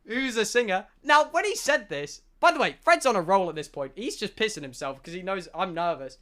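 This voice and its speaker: A young British man on a livestream, telling a story in an excitable, self-mocking way, with plenty of swearing. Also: sits high, fairly quick. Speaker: streamer. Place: home streaming room.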